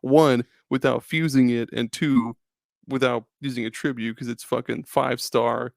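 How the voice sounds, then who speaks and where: A man's voice: medium pitch, fairly even intonation, measured pace, vocal fry, no room sound, studio quality. A man hosting a podcast in casual chat, loose and profane, laughing often and restarting his sentences. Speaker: podcast host.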